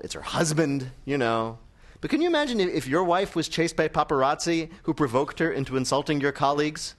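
A man hosting a comic news quiz on stage, delivering jokes in a wry, teasing way. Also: medium pitch. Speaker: quiz show host. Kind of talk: comic panel show hosting. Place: stage before a live audience. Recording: live audience and room noise.

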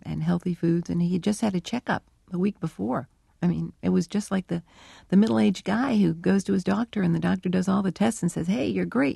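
A woman scientist answers interview questions in a reflective, storytelling way. Her voice is gravelly and mellow, and the recording is dry and close. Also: fairly low pitch, dry recording. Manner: reflective, conversational, with fillers. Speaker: animal cognition researcher, guest.

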